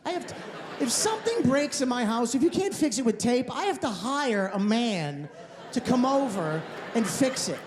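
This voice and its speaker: A man in his thirties doing a stand-up set in a comedy club, ranting sarcastically and mocking people with quick impressions. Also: very high voice, animated, a crowd in the background. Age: 30s. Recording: live hall reverb, faint noise.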